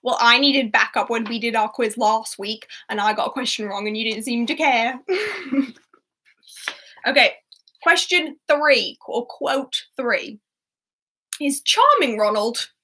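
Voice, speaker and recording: A woman's voice: fairly high pitch, measured pace, long pauses, pushed and bright. A young woman hosting an online quiz, chatty and giggly as she reads out scores and questions. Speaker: quiz host.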